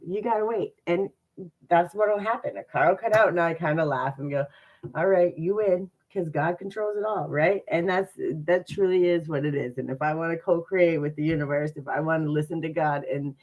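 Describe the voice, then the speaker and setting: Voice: medium pitch, low-quality recording. A horoscope reader in a casual live-stream reading, chatty and earnest, with sarcastic asides.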